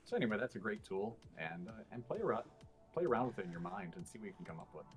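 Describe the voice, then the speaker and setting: Low-voiced man explaining at length. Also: big pitch swings, racing, soft background music. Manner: explanatory, many fillers and restarts. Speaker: podcast guest. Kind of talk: casual chat.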